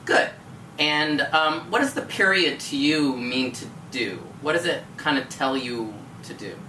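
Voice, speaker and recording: Brief: low-pitched, bright-voiced woman teacher, patient and encouraging, recorded from across an echoey room. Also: measured pace. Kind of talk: one-on-one tutoring lesson. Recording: echoey room from far off, faint noise.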